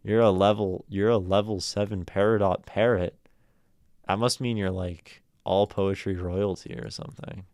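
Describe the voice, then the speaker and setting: A man's voice: sits low, fairly even intonation, moderate pace, darkish tone, no echo, clean studio sound. A man streaming casual talk about poetry, rambling and thinking aloud, with a self-amused edge.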